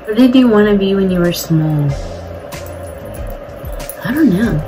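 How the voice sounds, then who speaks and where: Doing her makeup at home, a young woman talks through a relaxed get-ready-with-me video, blunt and occasionally cursing. She's a beauty vlogger with an expressive, medium-pitched voice at a measured pace, recorded in poor audio over background music.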